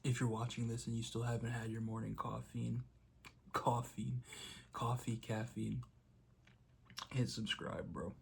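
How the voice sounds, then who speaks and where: A man's voice: mid-range voice, flat delivery, measured pace, gravelly, long pauses, a little hiss or hum. A young man talking casually to camera in a motivational vlog, telling a story and acting out quotes. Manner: storytelling, acts out quotes loudly. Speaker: vlogger.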